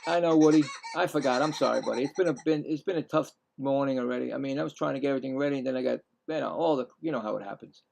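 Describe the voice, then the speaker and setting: A man's voice: medium pitch, racing, creaky, hardly any pauses, a little mellow. A middle-aged man giving casual live baseball play-by-play, rambling and correcting himself with chatty asides. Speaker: play-by-play streamer.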